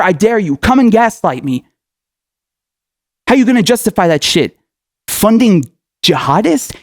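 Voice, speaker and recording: Furious profane man, high-pitched voice. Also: no echo, studio quality. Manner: furious, profane, shouting questions. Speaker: political commentator. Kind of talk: angry political rant.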